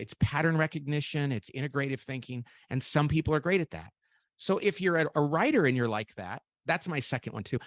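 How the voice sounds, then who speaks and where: Animated middle-aged man explaining. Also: mid-range voice, dry recording. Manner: lively, acts out quoted voices, many restarts. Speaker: podcast guest, author. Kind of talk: animated interview talk.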